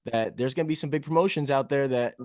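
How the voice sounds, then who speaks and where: A man's voice: mid-range voice, fast, darkish tone, no echo, studio quality. Casual male interviewer, encouraging. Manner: casual, encouraging, says "like" often.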